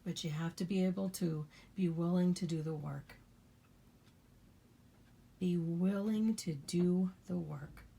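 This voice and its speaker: A woman's voice: on the low side, slow, gravelly, pauses often, dark tone, slightly rough. A woman giving an earnest, blunt spiritual talk to her viewers, repeating her points and swearing freely. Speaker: spiritual channel host.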